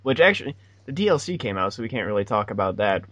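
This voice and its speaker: A man's voice: on the low side, big pitch swings, fast, a bit bright, no echo, dull audio. A young man in his twenties hosting a podcast, telling a rambling story in a sarcastic, casual way. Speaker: podcast host. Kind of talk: casual chat.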